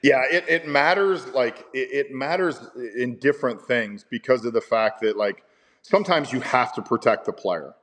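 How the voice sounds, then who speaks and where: A man's voice: medium pitch, normal speed, a bit bright. A man in his fifties, a baseball manager, telling stories in a casual interview with rambling, stammering restarts and chuckles.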